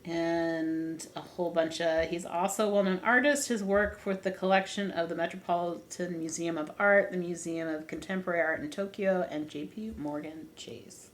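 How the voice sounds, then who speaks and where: A woman's voice: on the low side, steady tone, moderate pace, few pauses. A woman co-hosting a book club podcast, chatting casually, reading author bios aloud and adding dry asides. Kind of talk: casual chat.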